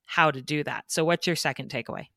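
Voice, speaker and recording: A woman's voice: low-pitched, quick pace, a bit bright, no room sound, clean studio sound. A woman hosting a podcast interview, affirming her guest with short encouraging replies. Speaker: podcast host.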